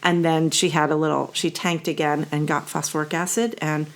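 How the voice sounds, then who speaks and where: A woman co-hosting a podcast, telling stories in an animated, chatty way. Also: low voice, moderate pace. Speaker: podcast co-host. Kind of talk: casual conversational chat.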